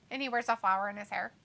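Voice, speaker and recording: A woman's voice: medium pitch, gravelly, bright, forceful tone. A woman co-hosting a casual livestream, reading chat messages aloud and laughing often. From United States. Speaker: co-host reading live chat.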